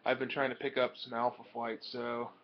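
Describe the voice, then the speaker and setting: Speaking at a moderate pace in a level, mid-range voice, a young comic book collector walks through his new purchases. The vlog is casual show-and-tell, rambling and thick with ums and uhs, captured on a dull lo-fi home recording.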